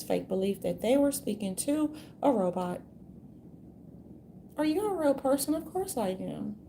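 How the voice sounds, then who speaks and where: A woman's voice: mid-range voice, vocal fry, mellow, a little hiss or hum. A woman vlogger ranting in a meandering, profane, slangy way. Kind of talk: rambling casual rant.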